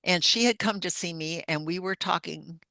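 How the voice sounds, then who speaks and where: A woman's voice: fairly low pitch, normal speed, gravelly, bright, forceful tone, no echo. An older woman, a podcast guest, earnestly recounting a personal story in vivid detail. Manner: earnest, vivid retelling with acted-out dialogue.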